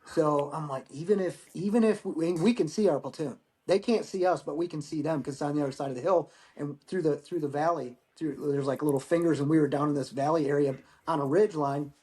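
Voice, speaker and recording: A man in his forties with an American accent, a Marine veteran telling stories as a podcast guest in a relaxed, profane way, often repeating words as he starts a phrase. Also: fairly high pitch, brisk, few pauses. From United States. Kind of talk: casual storytelling.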